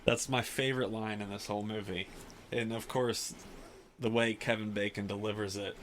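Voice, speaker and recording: A man's voice: fairly low pitch, steady tone, normal speed, a little hiss or hum, rough recording. A man hosting a podcast, recapping casually with lots of fillers. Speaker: podcast host. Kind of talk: casual chat.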